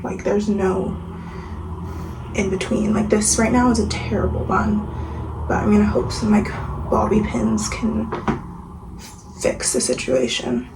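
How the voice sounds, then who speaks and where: Her medium-pitched voice has lively intonation, a slightly slow pace, and frequent pauses as this young vlogger rambles casually at home in the kitchen and while getting ready. She speaks softly, lots of fillers, sometimes at a near-whisper, over a noisy background with audible room ambience.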